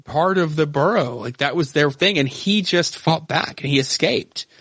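Animated man swapping plot talk. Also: a little high, normal speed, breathy edge, no room sound. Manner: animated plot retelling, frequent swearing. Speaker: podcast co-host. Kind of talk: casual podcast chat.

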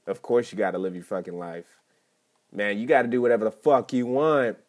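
A young man rambling and swearing through a solo podcast episode, cracking crude jokes and breaking into sudden loud outbursts. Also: on the low side, animated, a little fast. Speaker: podcast host and stand-up comedian. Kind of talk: casual rambling monologue.

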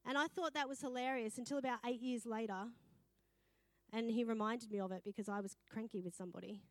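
Animated woman preaching. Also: on the high side, brisk, dry recording. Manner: lively storytelling, acting out quoted voices. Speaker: pastor. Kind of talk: sermon.

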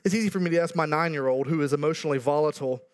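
A man's voice: a little high, very fast. A pastor in his thirties or forties preaching a sermon earnestly, building to emphatic repeated lines with joking asides.

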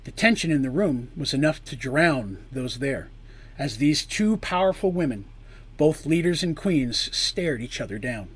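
Brief: fairly high-voiced man, expressive storyteller reading fantasy aloud. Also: a little slow, slightly rough. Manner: expressive, adds asides to listeners.

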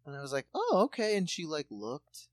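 Animated man telling stories, dry sound. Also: medium pitch, a little fast, dry recording. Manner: animated storyteller, acts out voices, swears freely. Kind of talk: casual chat.

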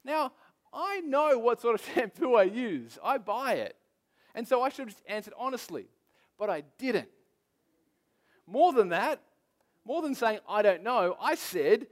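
A pastor with a high-pitched voice for a man delivers a sermon, speaking to the room like a storyteller and blending scripture with personal anecdotes. He's animated, talks at normal speed with long pauses, and emphatically repeats key phrases.

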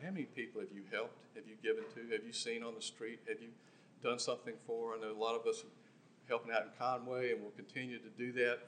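In church, a man with a mid-range voice preaches an impassioned sermon, swinging between emphatic bursts and quiet, intimate asides.

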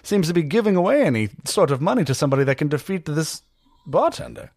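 A man's voice: a little high, very animated, fast talker, darkish tone, no room sound, studio quality, pitched above the performer's own voice. A man voicing a proud, armored male warrior in a tabletop game, stiff and formal with some hesitations.

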